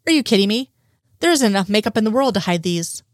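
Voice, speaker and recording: A woman's voice: mid-range voice, animated, fast talker, no echo, close to an everyday voice. Flustered woman agent pushing with questions, dry close sound, read by a woman. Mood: incredulous. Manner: insistent, pressing questions. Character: sharp, flustered adult female FBI agent.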